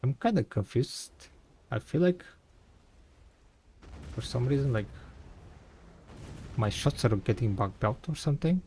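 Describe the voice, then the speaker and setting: A man's voice: medium pitch, animated, normal speed, long pauses, mellow, slight background noise. A man live-streaming a game, chatting casually and thinking aloud, rambling and correcting himself as he goes. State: tired, yawning. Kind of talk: casual live-stream chat while playing.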